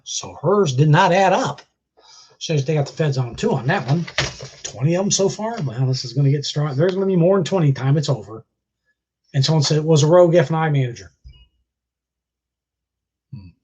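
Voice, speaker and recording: A man's voice: on the high side, a little mellow, breathy edge, muffled recording. A man with a chest cold, bluntly scolding viewers in a casual live stream rant and swearing freely. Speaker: vlogger.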